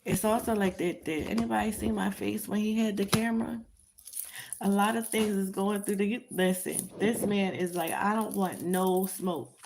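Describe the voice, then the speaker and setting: Gravelly-voiced woman giving a chatty tarot reading. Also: mid-range voice, steady tone, moderate pace, background noise. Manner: repetitive, emphatic, chatty; laughs at her own reading. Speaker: tarot reader. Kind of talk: casual tarot reading commentary.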